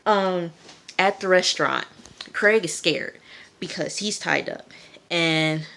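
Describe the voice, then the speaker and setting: Low-voiced woman chatting through a recap. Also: slow, vocal fry, a bit bright. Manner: chatty, many fillers, addresses viewers as y'all. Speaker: TV episode reviewer. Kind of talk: casual TV episode recap.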